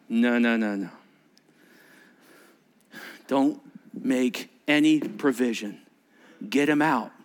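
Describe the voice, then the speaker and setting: A middle-aged man preaching a sermon as pastor, telling stories with voiced quotes and dropping to a hushed near-whisper for emphasis. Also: mid-range voice. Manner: animated storytelling with voiced quotes and asides.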